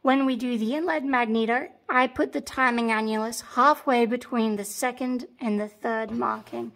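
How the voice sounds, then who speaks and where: Slightly hoarse Australian woman explaining. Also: fairly high pitch, fairly even intonation, moderate pace, hardly any pauses, a bit bright. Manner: patient step-by-step explaining, repeats key points. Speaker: tank restoration mechanic. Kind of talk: hands-on workshop tutorial. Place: workshop beside a tank engine.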